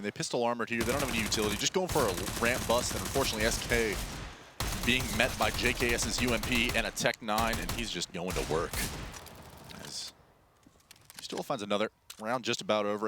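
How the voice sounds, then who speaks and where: A man casting a live esports match, thoughtful and full of fillers, speaking into a headset. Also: fairly low pitch. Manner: analytical, hesitant with many fillers. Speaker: esports commentator. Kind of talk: live game commentary. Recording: game gunfire noise behind.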